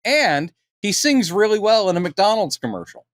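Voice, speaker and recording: A man co-hosts a relaxed film chat in a fairly high voice, animated and quick to break into little impressions of lines he quotes. The sound is close and dry, with no room echo. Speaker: podcast co-host. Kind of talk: casual film review chat.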